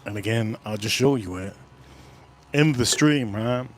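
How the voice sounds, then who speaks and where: A man's voice: fairly low pitch, unhurried. A man hosting a casual livestream, rambling through stories, swearing casually and repeating himself as he talks. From United States. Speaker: whiskey livestream host.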